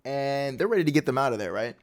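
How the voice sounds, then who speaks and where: A man casually recapping a manga chapter with excited slang and his own sound effects. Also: medium pitch, fast talker. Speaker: manga breakdown host.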